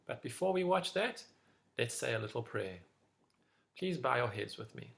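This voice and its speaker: A man leading an online school assembly, telling a fable to children in an animated way. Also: medium pitch, normal speed, creaky, pauses often. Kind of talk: school assembly talk with storytelling.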